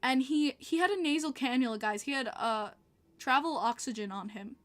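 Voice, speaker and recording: A woman's voice: high-pitched, moderate pace. A young woman with a Long Island accent, hosting a podcast and telling stories in casual chat, laughing often. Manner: bubbly storytelling, laughing often. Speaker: podcast host.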